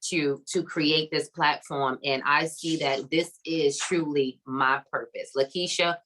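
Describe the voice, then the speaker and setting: Bright emphatic woman hosting a summit. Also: low voice, steady tone, measured pace, slight background noise, low-quality recording. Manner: emphatic, preacher-like, repeating phrases with "come on" and "okay". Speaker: summit host. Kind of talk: encouraging faith-based talk to a live online audience.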